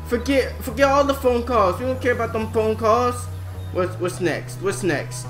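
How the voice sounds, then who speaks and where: A man commenting over gameplay, excitable and reacting with lots of exclamations. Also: high-pitched, moderate pace, echoey room. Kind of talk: let's play commentary. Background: game music.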